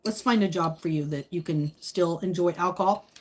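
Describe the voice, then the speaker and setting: A woman hosting a casual live stream, answering viewer comments in a chatty, teasing way, with a slightly husky voice. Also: fairly low pitch, normal speed. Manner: speaks while eating. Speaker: livestream host chatting with viewers.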